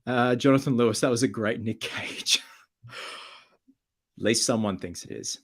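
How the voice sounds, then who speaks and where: A man's voice: mid-range voice, measured pace, husky. Chatty man hosting a livestream. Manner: upbeat, chatty, reads viewer comments aloud and replies. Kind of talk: casual livestream chat Q&A.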